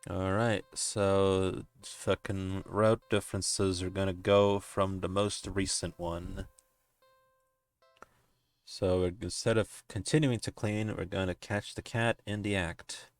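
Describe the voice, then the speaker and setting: Low-voiced guy streamer reading a text game out loud, keeps cracking up and swearing, faint music underneath. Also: little pitch movement, slow pace, no echo. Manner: breaks into giggles and profane asides.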